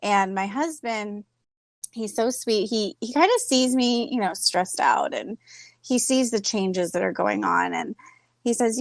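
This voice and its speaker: A woman in her thirties, a guest speaker, telling a personal story in a candid, animated way and speaking over a video call. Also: mid-range voice, a little slow, dry recording. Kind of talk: personal story in a group talk.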